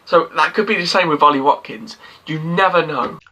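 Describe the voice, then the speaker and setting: A man's voice: a little high, moderate pace, bright, forceful tone. A young man ranting casually about football, rambling, swearing and mocking himself. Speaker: football vlogger. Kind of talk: casual reaction vlog. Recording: dull lo-fi sound.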